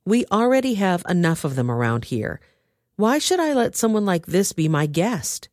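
A woman's voice: on the low side, sing-song, normal speed, a little mellow, dry recording, studio quality. A woman reading a scornful, exasperated king dismissing a madman.

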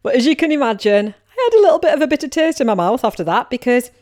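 A woman from Teesside, England, with a Teesside English accent, hosts a casual solo podcast as a business coach. Her voice is high, sing-song and darkish, and she talks fast, candid and chatty, now and then acting out what listeners might be thinking.

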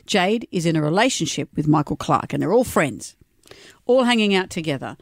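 A woman's voice: low voice, sing-song, fairly quick, gravelly, dry recording, clean studio sound. An Australian woman co-hosting a radio show, chatting casually and reading out quotes with mock drama. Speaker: radio co-host.

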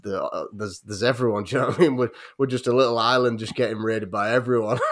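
A man's voice: medium pitch, steady tone, fast. A man with a North Yorkshire accent in casual podcast chat, rambling with lots of restarts and fillers. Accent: North Yorkshire English. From North Yorkshire, England.

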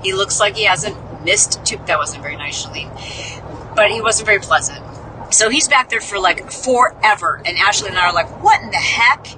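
Midwest woman podcast host, chatty storyteller, mocks herself, does the voices, traffic noise behind her. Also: moderate pace. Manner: chatty, self-mocking, acts out quotes with jumps in pitch. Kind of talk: casual storytelling.

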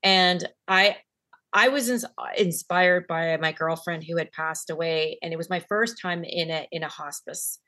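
A woman's voice: fairly low pitch, measured pace, pushed and bright. A woman hosting an interview, talking casually with lots of "like" and "you know" and getting emotional over a memory. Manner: gets emotional telling a memory. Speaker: podcast host.

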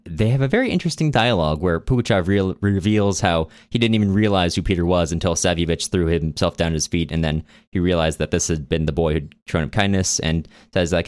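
A man's voice: deep voice, fairly quick, few pauses, no room sound, studio quality. A man co-hosting a casual book podcast, retelling the plot in chatty storytelling with wry asides. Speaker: podcast co-host.

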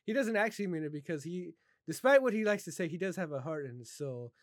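A man hosting a casual wrestling podcast, with a fairly high voice recorded dry and close. He teases his co-host and slips into mock-mournful moments. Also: expressive, fast talker, no room sound. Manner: playful, teasing, mock-mournful.

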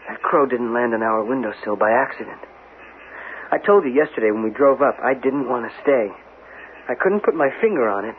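A man's voice: mid-range voice, expressive, a little fast, a little hiss or hum, lightly acted. Guy doing sarcastic but wary husband in an old radio play, tinny phone-ish sound. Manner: dry, skeptical, then grave. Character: wary husband, a weekend guest. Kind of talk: 1970s radio drama acting. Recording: narrow-band old radio broadcast.

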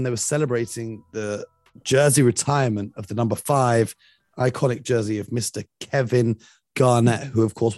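A young man in his late twenties co-hosting a casual sports podcast, eager and animated. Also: medium pitch. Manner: enthusiastic, animated, leads the conversation. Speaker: podcast co-host.

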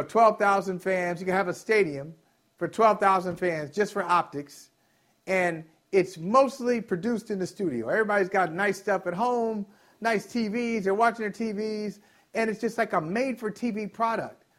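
A man's voice: high voice, fairly bright tone. A man co-hosting a sports talk show, explaining his point in long argumentative runs. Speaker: co-host.

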